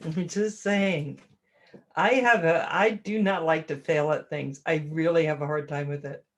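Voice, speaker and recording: A woman's voice: sits low, fairly even intonation, measured pace. A woman hosting a casual livestream, chatting and self-deprecating as she greets viewers by name and laughs often. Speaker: livestream host reading chat.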